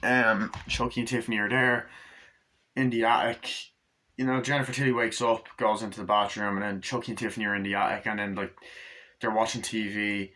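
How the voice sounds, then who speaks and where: A man's voice: lowish voice, flat delivery, fairly quick, bright, forceful tone. A man casually reviewing a horror comedy film in a rambling, profane way, acting out scenes. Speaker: movie reviewer. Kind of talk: casual movie review vlog.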